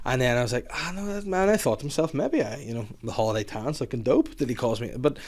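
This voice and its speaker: A man's voice: medium pitch, animated, fast talker, a little mellow. A young man hosting a crude comedy podcast, telling stories with acted-out quotes, laughing and swearing often. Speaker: podcast host.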